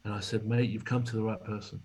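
A man recounts a story as an interview guest. His voice is low and husky, and his pitch stays fairly flat even as he voices the people he quotes. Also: fast talker, low-quality recording. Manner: animated storyteller, acts out quoted dialogue. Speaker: podcast guest, former rugby league player.

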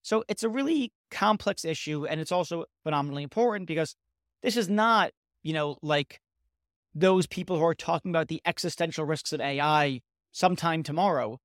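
A man's voice: on the high side, fairly quick, a bit bright, no room sound, clean studio sound. A man hosting a podcast, introducing the topic and asking questions in an earnest way, often restarting his phrases. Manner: earnest, restarts and repeats words. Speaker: podcast host.

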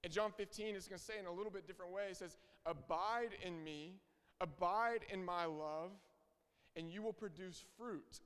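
A man's voice: high-pitched, moderate pace, fairly bright tone, clean tone. A young man preaching a sermon, earnest and emphatic, repeating his key phrases. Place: church hall. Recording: reverberant hall.

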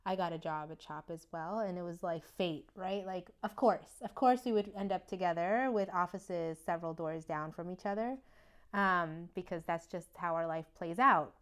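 A woman in her thirties, a neonatologist and podcast co-host, fondly and chattily reminiscing in an interview. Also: lowish voice. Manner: chatty, quick, fond reminiscing. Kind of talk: casual interview storytelling.

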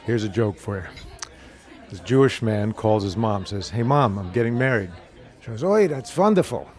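A man telling a joke and acting out the characters' voices, including a shrill mother. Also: normal speed, some chatter behind.

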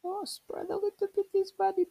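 A woman's voice: very high voice, flat delivery, moderate pace, vocal fry, dull audio. A Portuguese woman with a Portuguese accent, whose first language is Portuguese, chatting alone to camera in a playful, joking way with frequent laughter. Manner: playful, jokey, laughs often. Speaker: vlogger. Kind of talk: casual solo monologue.

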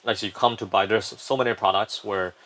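A man's voice: on the low side, steady tone, fairly quick, fairly bright tone. A man, a company founder, explaining his firm at length in a casual interview, often restarting sentences.

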